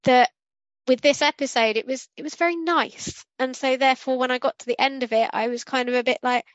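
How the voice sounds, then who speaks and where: A woman's voice: sits high, steady tone, brisk, dry recording, lo-fi sound. A woman co-hosting a casual podcast discussion, rambling and correcting herself as she goes and acting out what she was thinking. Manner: rambling, self-correcting, acts out quotes. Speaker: podcast co-host.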